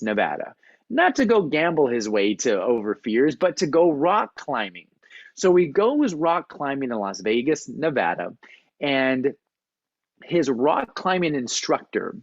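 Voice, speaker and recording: A man who is a performance coach, giving a motivational talk on a video call in an animated storytelling manner. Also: mid-range voice, no echo, lo-fi sound. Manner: storytelling, animated, acts out quotes. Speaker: performance coach, guest speaker.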